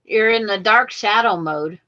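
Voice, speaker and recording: Woman, livestream host, casual chat, crisp bright voice, slow pace, dry muffled call audio. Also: mid-range voice, a little hiss or hum. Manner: chatty, running commentary on the call. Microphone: video call.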